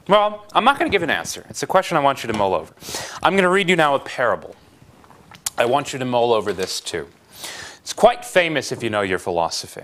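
A man lecturing to a university class, his pitch rising and falling in a lively, animated way. He poses wry questions to his students and reads a philosophical passage aloud with dramatic flair. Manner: lively, dramatic reading of quotes.

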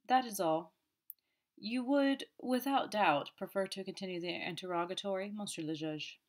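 Brief: cool sharp-tongued detective, quiet and pressing, as a woman reader puts him on. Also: sits high, normal speed, natural voice. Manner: quiet, probing, needling. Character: sharp, boastful male police detective.

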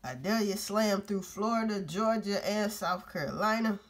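A woman's voice: mid-range voice, animated, moderate pace. A woman vlogger commenting on news clips in a blunt, profane, casual way, talking straight to her viewers.

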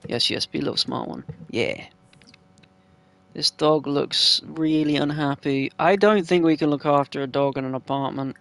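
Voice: mid-range voice, moderate pace, vocal fry, a bit bright. A gameplayer chatting casually over a life-sim game, swearing freely and talking to the game characters.

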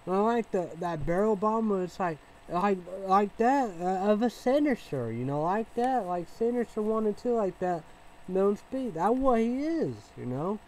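A man's voice: high voice, animated, moderate pace, poor audio. Rambling man with faint background hiss. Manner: rambling, repetitive, with many fillers and restarts; swings from mumbling to loud outbursts. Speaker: vlogger. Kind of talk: rambling casual monologue.

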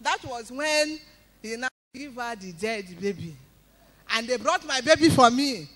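A woman giving an emphatic spoken testimony in church, breaking into loud praise. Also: a little high, lively intonation, unhurried.

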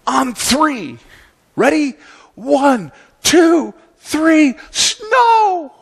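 Impatient cartoon little boy, shrill and pleading, put on by a male preacher. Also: very animated, extremely slow, full character voice. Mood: shouting. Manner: whiny, shouting, pleading.

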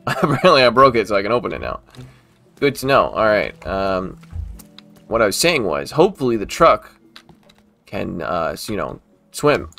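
Man, gameplay commentary, bright tense voice, exasperated outbursts, close mic, faint music behind. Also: fairly low pitch, very animated, normal speed, creaky, long pauses. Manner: exasperated, talks to the game, frequent outbursts. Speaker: gaming video host.

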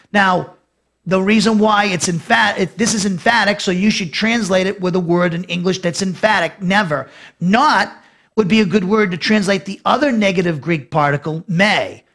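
A man with a fairly high voice teaching a Bible lesson as a pastor. He speaks unscripted and explains Greek terms step by step. He often restarts and repeats words as he goes. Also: fairly bright tone.

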